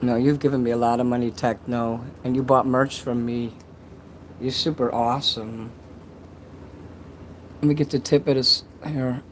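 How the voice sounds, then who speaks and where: A man's voice: mid-range voice, fairly even intonation, moderate pace, pauses often, slight background noise, poor audio. A man casually chatting on a livestream, reading donations and rambling with crude jokes and many restarts.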